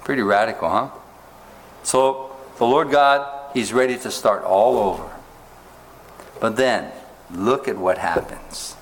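A man preaching a sermon, reading scripture aloud slowly and stopping often to ask his listeners rhetorical questions. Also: on the low side, a little hiss or hum. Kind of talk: sermon, Bible teaching.

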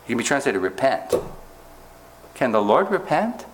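A man preaches in a mid-range voice, teaching from scripture. He reads verses slowly and keeps turning to his listeners with rhetorical questions. Faint background noise sits under his voice. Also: mid-range voice, sing-song. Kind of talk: sermon, Bible teaching.

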